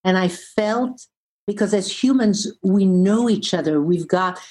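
Husky-voiced woman telling a story. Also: mid-range voice, low-quality recording. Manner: expressive storyteller, slows down for emphasis. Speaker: relationship therapist guest. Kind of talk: storytelling in a podcast interview.

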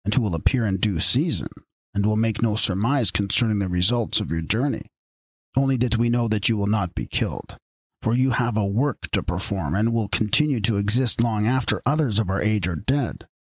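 A man reading as a solemn spokesman of a secret order, speaking in grave, formal pronouncements. The voice sits low and husky, recorded dry and close with no room around it. This is an audiobook reading. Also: animated, moderate pace, dry recording.

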